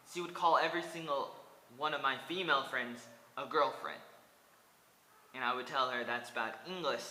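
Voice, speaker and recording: A man's voice: mid-range voice, sharp tone, echoey room, long reverb tail. A man in his twenties from Oregon, rambling earnestly in a personal vlog and speaking straight to his viewers, repeating himself. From Oregon, USA. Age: 20s. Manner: earnest and repetitive, addressing viewers directly. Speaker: vlogger.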